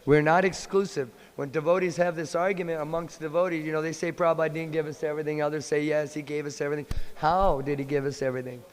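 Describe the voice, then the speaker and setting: A man giving a sermon in a temple hall, telling a story in a playful, animated way. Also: on the high side, quick pace, few pauses. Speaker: monk lecturer.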